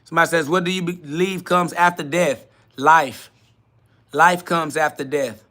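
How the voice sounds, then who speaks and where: Podcast host, male, bright slightly high voice, blunt and mocking, laughs at his chat. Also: steady tone, measured pace. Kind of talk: live solo podcast answering chat questions.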